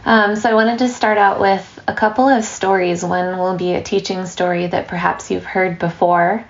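A woman giving a dharma talk as a meditation teacher, relaxed and storytelling, with light laughs and asides. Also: medium pitch, normal speed, highs cut off.

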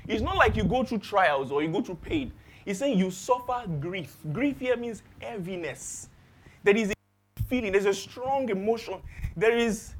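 Lively high-pitched Nigerian male preacher, young, rhetorical questions. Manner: animated, rhetorical questions to congregation. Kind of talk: sermon.

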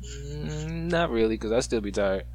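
A male podcast co-host keeps a casual chat laid-back and joking, using lots of slang and laughing easily. His medium-pitched, darkish voice is expressive and a little slow, with faint music in the background.

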